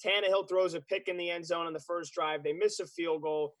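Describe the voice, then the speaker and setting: A man's voice: a little high, fairly even intonation, a little fast, fairly bright tone, dry recording. A man co-hosting a sports podcast, talking in an upbeat, chatty way with frequent restarts. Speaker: podcast co-host. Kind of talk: casual sports podcast chat.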